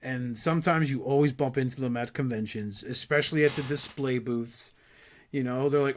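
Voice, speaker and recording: A man who is a podcast guest, chatting casually and telling stories in an animated way with quick switches into other voices. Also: medium pitch. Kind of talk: casual chat.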